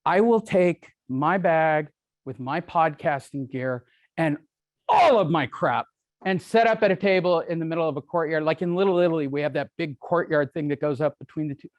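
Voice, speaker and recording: A man's voice: a little high, normal speed, no room sound, dull audio. A middle-aged man giving a live seminar talk to a room, brash, joking and self-deprecating. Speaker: real estate speaker. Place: meeting room with audience.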